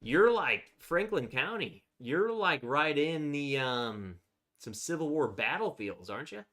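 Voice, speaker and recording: A man's voice: a little high, big pitch swings, measured pace, a bit bright. A man hosting a casual livestream, chatting freely, laughing often and reacting to viewer comments. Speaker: livestream host.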